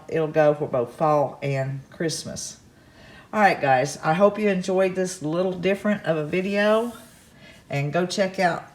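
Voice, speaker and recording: Chatty country crafts woman in her kitchen. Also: low-pitched. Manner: chatty and rambling, with folksy asides. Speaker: crafts vlogger host. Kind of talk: casual chat to camera. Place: home kitchen.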